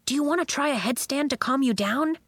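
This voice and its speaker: A woman's voice: sits high, fairly quick, a bit bright, no echo, clean studio sound, voice pushed up. A woman voicing an earnest young boy who keeps offering to help, speaking in an eager, reassuring way. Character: earnest helpful schoolboy, eager to fix things.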